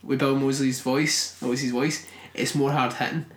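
A man's voice: medium pitch, little pitch movement, moderate pace, a bit bright, roomy sound. Dry-joking man. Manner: dry, crude jokes. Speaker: film podcast co-host. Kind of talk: casual film review chat.

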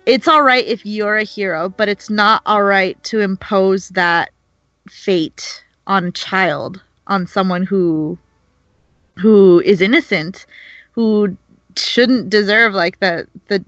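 Bright, opinionated woman talking fast in chat. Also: mid-range voice, no echo, muffled recording. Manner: rambling, many restarts and "like" fillers, opinionated. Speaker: podcast co-host discussing a TV show. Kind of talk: casual chat.

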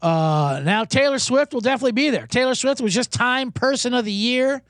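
A man's voice: very high-pitched, animated, brisk, a bit bright, no room sound, studio quality. A man hosting a sports betting show, rambling casually and poking fun at himself with rhetorical questions. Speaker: host.

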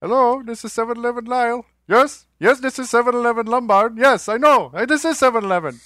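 A man voicing two male convenience store clerks arguing over the phone in a loud, high, squabbling voice. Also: quick pace, no echo, clean studio sound. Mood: bickering.

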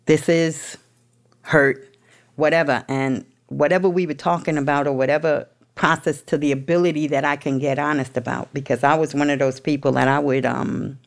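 A woman's voice: deep voice, fairly even intonation, normal speed, vocal fry. A woman with a New York accent telling her recovery story candidly, in a blunt, profane, street-tough way. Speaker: speaker sharing a recovery story.

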